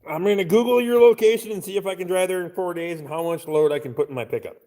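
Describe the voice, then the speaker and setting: A man's voice: high voice, fast talker, dark tone. A man chatting casually on a live stream, reading out chat and swearing constantly in a crude, blunt way.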